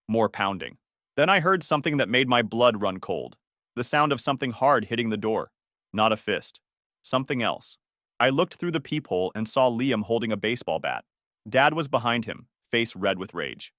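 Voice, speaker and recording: A man's voice: medium pitch, animated, normal speed, fairly bright tone, dry recording. Guy narrating a tense drama story, voice moves around a lot, dry close sound. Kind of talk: first-person story narration.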